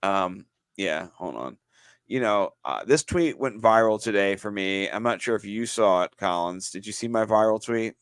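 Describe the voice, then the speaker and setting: A man's voice: lowish voice, expressive, moderate pace, clear, resonant tone, no room sound. A man co-hosting a podcast in casual chat, rambling with lots of fillers and restarts, laughing easily. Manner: rambling, filler-heavy, self-interrupting. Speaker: podcast co-host.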